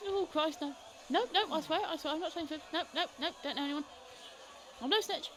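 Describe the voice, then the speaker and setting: A woman voicing a jittery young male informant who stammers in a high, panicky voice. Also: fairly quick, fairly bright tone.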